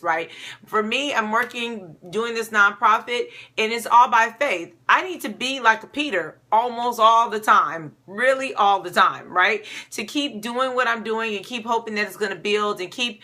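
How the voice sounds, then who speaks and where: A woman's voice: mid-range voice, sharp tone. A woman preaching a sermon in an informal, conversational way, retelling a scripture story with casual asides.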